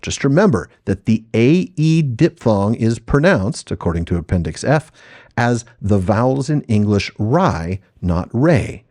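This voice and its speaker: Lively, mellow-voiced male podcast host. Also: mid-range voice, a little slow, dry recording, clean studio sound. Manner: enthusiastic, scholarly explaining. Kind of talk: explanatory podcast talk.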